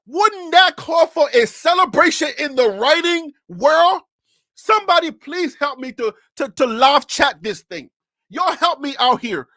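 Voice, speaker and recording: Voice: high voice, expressive, measured pace, pushed and bright, no room sound, studio quality. A sports talk host on a live stream who rants animatedly, fires off rhetorical questions and repeats phrases, speaking into a desk USB microphone.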